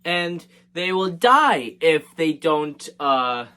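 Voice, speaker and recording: A man's voice: fairly high pitch, very animated, drawn-out words, bright, forceful tone, smooth. A man casually recapping a movie in a rambling, joking way, with frequent hesitations and fillers. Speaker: movie reviewer.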